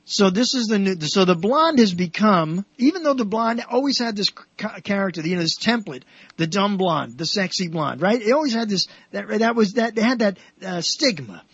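A man hosting a radio show, telling jokes in a rambling way with many restarts and animated punchlines. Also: high voice, normal speed, husky, no room sound, muffled recording.

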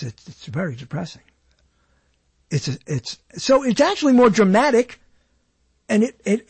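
Podcast host, male, husky voice, lively delivery, dry close sound. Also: high-pitched, dry recording. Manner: animated, explains while humming along. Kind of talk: casual talk about songs.

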